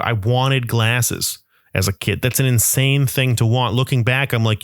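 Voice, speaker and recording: A young man rambles through a self-mocking comic podcast monologue. He talks at an everyday middle pitch. The recording is dry and close, with no room sound. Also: moderate pace, dry recording. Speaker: podcast host.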